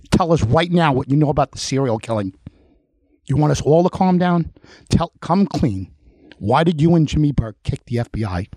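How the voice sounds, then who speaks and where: A man's voice: medium pitch, dark tone, no room sound, studio quality. A man hosting a political talk show, delivering a heated monologue full of rhetorical questions and challenges to an absent official. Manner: emphatic, repetitive rhetorical questions. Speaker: show host.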